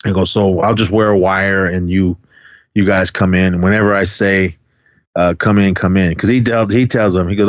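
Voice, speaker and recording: Low-pitched and steady at a normal speed, a male podcast co-host rambles through a casual film recap, quoting lines and using lots of fillers. The recording is dull, dry, lo-fi, and echo-free.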